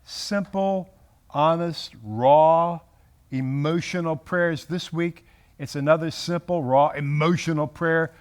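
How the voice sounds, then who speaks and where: A man teaching a Bible study to a group in a room, animated and often breaking off his sentences to restart them. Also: on the high side, slow pace, clear, resonant tone. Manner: animated, self-interrupting, acts out quotes.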